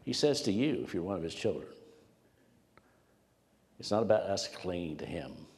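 A man preaching a sermon, earnest, swinging from loud emphasis down to near whispers. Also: on the low side, lively intonation, normal speed. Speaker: pastor. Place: church sanctuary. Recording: long hall reverb.

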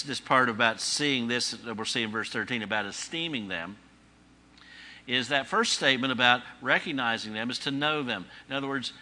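A man delivers a sermon in a loose, conversational teaching manner. His voice is very bright and cutting, sitting at an ordinary middle pitch. He stacks up repeated phrases for emphasis and slips in deadpan asides. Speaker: pastor.

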